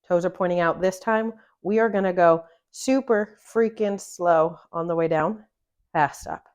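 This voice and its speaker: A woman's voice: on the low side, measured pace, darkish tone. A woman coaching a home workout. She is out of breath, encouraging and talks through each exercise between breaths. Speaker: fitness coach. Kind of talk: follow-along workout instruction.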